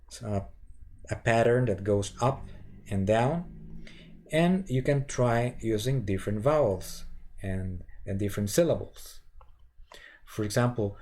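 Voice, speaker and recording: Male voice teacher, unhurried, hesitant delivery with restarts, warm low timbre. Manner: slow, halting, with many fillers and restarts. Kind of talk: instructional lecture with vocal demonstrations.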